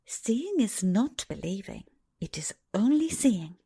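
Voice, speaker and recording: A woman voicing a wise, gentle old grandmother who speaks softly and calmly, close to a whisper. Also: mid-range voice, takes it slowly, breathy edge, exaggerated voice. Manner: soft and hushed, close to a whisper.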